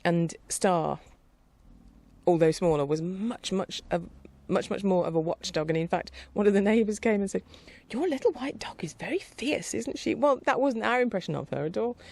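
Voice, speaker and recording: Chatty woman with a gravelly edge. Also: medium pitch, darkish tone. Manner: chatty, meandering, with frequent restarts and laughs. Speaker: podcast host. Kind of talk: casual rambling monologue.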